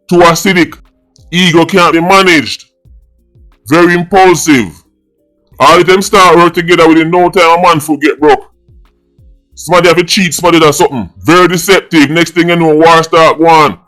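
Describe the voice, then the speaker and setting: A man's voice: mid-range voice, fairly bright tone. A Jamaican man hosting his vlog, delivering a blunt, scolding opinion rant in patois-tinged speech. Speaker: vlog host. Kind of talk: opinion commentary monologue.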